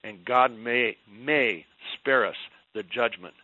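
A man's voice: medium pitch, slow pace, sharp tone, no room sound. An older man speaking as a guest on a Christian radio talk show, preaching fervently and emphatically, rising and falling for effect. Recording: dull lo-fi radio sound.

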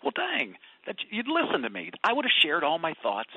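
A husky man tells faith stories over a tinny phone line. His voice jumps from loud bursts down to near whispers, with a lively, slightly raised pitch. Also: fairly quick, no echo. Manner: animated storyteller, swings from loud to whispered. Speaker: radio talk guest. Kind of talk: Christian radio conversation.

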